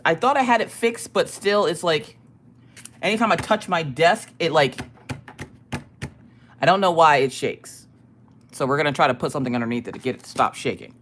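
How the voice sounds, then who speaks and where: With slight background noise behind her, an American livestream host chats loosely and greets viewers by name. Her medium-pitched voice is a bit bright, and a ticklish cough lingers in her throat.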